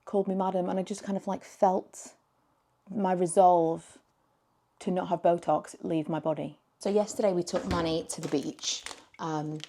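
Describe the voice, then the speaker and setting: A woman's voice: fairly low pitch, warm tone. A woman, chatting casually and rambling to camera in a vlog. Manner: chatty and rambling, with frequent fillers. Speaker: vlogger.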